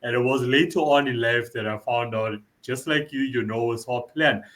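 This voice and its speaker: A man hosting a casual interview, conversational, repeating his key points and filling pauses with "you know". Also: medium pitch, a bit bright.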